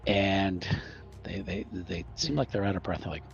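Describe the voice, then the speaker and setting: A man's voice: deep voice, moderate pace, vocal fry. A man narrating as game master of a tabletop game, rambling with many fillers. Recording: muffled audio with faint music.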